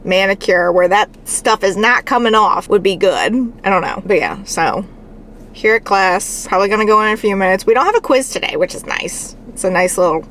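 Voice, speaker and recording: A woman chats to the camera at a mid-range pitch, rambling casually and filling her talk with "like." Faint noise sits behind her voice. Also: a little fast, a bit bright. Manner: chatty and rambling, with frequent "like" fillers. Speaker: vlogger. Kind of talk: casual vlog chat to camera.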